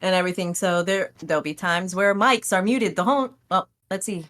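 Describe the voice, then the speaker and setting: A woman guest on a podcast, telling stories about streaming in a casual, animated way, acting out her own reactions and laughing often. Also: on the low side, fairly quick. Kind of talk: casual interview chat.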